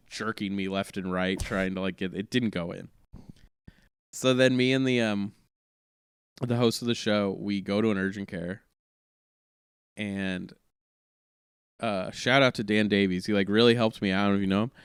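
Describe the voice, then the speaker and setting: The man speaks in a smooth, clear voice that sits at an ordinary pitch. He tells his story casually, in a rambling way, and keeps restarting his sentences. The sound is close and dry, with no room around it. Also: steady tone, normal speed, pauses often, no echo. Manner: rambling, self-correcting, laughing through the story. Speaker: comedian guest.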